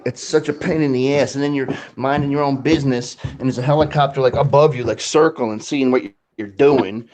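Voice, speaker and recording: A man's voice: medium pitch, fairly even intonation, fairly quick, hardly any pauses, a little mellow. A man in loose, crude banter who laughs often and retells scenes from movies.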